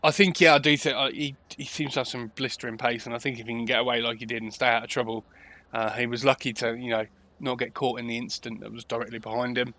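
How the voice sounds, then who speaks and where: A man talks through an online race with a bright, forward voice. He keeps the commentary loose and chatty, poking fun at himself between calls. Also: medium pitch, level tone, fast talker. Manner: chatty, laughs often, self-deprecating. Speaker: sim racing commentator. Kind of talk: casual live commentary banter.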